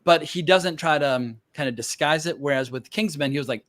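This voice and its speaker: A man's voice: on the high side, fairly quick, fairly bright tone, no echo, clean studio sound. A man hosting a casual podcast chat, opinionated and rambling, with plenty of fillers. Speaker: podcast host.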